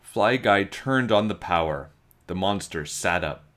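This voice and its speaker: A man reading a children's storybook aloud, with slow, expressive storytelling. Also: low-pitched. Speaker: children's book reader.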